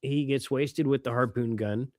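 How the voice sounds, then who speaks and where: A middle-aged man co-hosting a podcast in casual chat, animated and quick to swear and laugh. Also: mid-range voice, no echo, studio quality. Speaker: podcast co-host.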